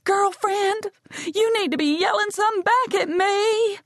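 Woman doing a shrieking tearful young woman, very high, sobbing, audiobook scene. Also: a little slow, no echo, clean studio sound. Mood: screaming. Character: hysterical young woman screaming in tears.

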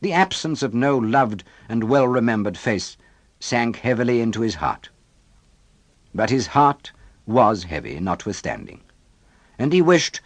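A man narrating a classic novel as an audiobook, measured and expressive, on a close studio mic. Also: medium pitch, no room sound.

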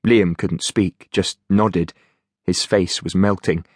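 A man reading an audiobook as narrator in a steady, measured way. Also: low voice, husky, dry recording, studio quality. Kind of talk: scripted narration.

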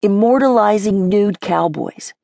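A woman's voice: medium pitch, a little slow, vocal fry, dark tone, no echo, clean studio sound, voice pushed up. A woman reading an audiobook, voicing a cocky, sardonic twelve-year-old boy with a theatrical, sneering manner.

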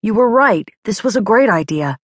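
A woman voicing a friendly young male treasure hunter who speaks in a steady, reassuring way. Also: mid-range voice, normal speed, breathy edge, no echo, studio quality, voice pushed up.

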